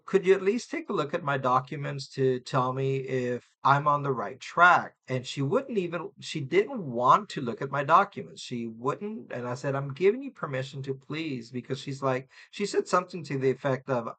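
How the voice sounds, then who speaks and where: A middle-aged man from Texas tells a personal story straight to the camera, his voice bright and forward. He rambles, stops to correct himself and acts out both sides of the exchanges he recounts. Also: mid-range voice. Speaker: vlogger.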